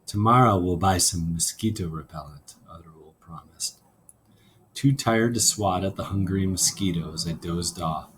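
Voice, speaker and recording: A man, a teacher, reads a novel aloud to his class at an unhurried storytelling pace, voicing the characters' lines, then gives a class assignment. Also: low-pitched, a little hiss or hum.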